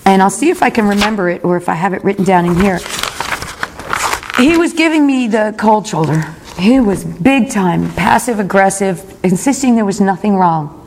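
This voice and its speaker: A woman's voice: mid-range voice, animated, moderate pace, darkish tone, a little hiss or hum. A woman in her fifties giving a candid, reflective personal talk at a recovery meeting, speaking openly about her own faults. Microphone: recorded talk.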